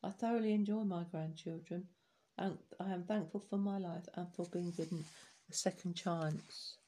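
Mellow-voiced woman reading memoirs aloud. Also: fairly low pitch. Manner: steady, unhurried reading with small restarts. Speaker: reader of collected life stories.

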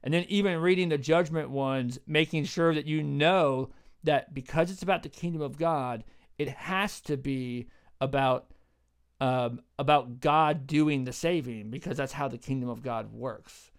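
A man in casual discussion explaining Bible parables, animated and full of fillers, acting out quoted voices as he goes. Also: mid-range voice, a little slow, smooth.

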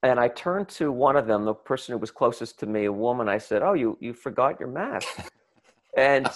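Man telling a lively comic anecdote. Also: medium pitch, moderate pace. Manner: animated, acts out voices and shouts in the retelling. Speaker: storyteller. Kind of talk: comic anecdote told to an audience.

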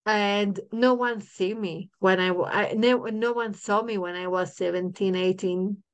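Middle-aged woman, podcast guest; smooth voice, halting restarts, repeats herself. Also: medium pitch, steady tone. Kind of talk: emotional personal storytelling.

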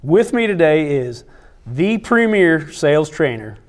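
A male podcast host introduces his guest in a formal way and then asks him questions. His voice sits slightly high. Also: very animated, a little slow.

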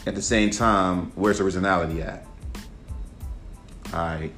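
Deep-voiced man ranting profanely. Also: a little slow, faint music behind. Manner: profane, emphatic, animated rant. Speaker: podcast host and rapper. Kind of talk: casual solo podcast rant.

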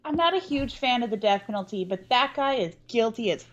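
A woman co-hosting a podcast over a video call, blunt and quick to laugh, cursing freely in casual chat. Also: a little high, lively intonation, muffled recording. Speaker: podcast co-host.

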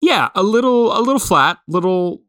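A man's voice: high voice, lively intonation, moderate pace, fairly bright tone, dry recording, clean studio sound. A man co-hosting a podcast, chatting casually with a rambling, hesitant manner. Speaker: podcast co-host.

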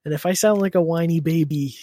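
A man's voice: a little high, quick pace, warm tone, dry recording, clean studio sound. A young man co-hosting a podcast in casual chat, rambling and laughing as he restarts his sentences. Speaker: podcast co-host.

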